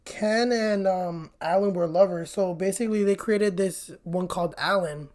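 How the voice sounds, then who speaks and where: Woman vlogger, casual movie recap, blunt and chatty with frequent swearing, mid-pitched voice. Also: moderate pace, darkish tone. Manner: chatty and blunt, swears often, says "like" a lot.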